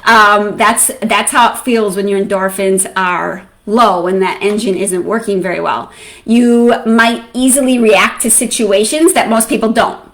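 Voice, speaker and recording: A woman coach for mothers gives an educational talk to camera. Her voice sits a bit high and stays conversational. She keeps checking in with her listeners. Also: normal speed, a bit bright.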